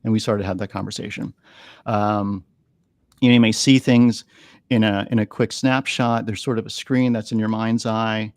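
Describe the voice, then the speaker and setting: A man's voice: lowish voice, flat delivery, moderate pace, dry recording, clean studio sound. A man talking earnestly on a podcast, telling stories and often repeating words as he gathers his thoughts. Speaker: animal communicator guest. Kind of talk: storytelling interview talk. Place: podcast studio.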